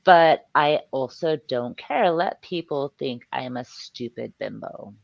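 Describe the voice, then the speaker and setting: A frank woman talks slowly in a casual online chat, stopping to search for words. Her voice sits very low, and the recording is dry and slightly muffled. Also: expressive, gravelly, dry recording. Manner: frank, hesitant, many fillers. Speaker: YouTube channel host.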